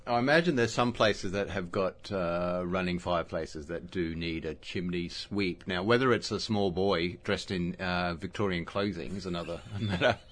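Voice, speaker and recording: A man's voice: deep voice, normal speed, few pauses, fairly bright tone. A man co-hosting a podcast in casual chat, laughing often and rambling as he corrects himself. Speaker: podcast co-host.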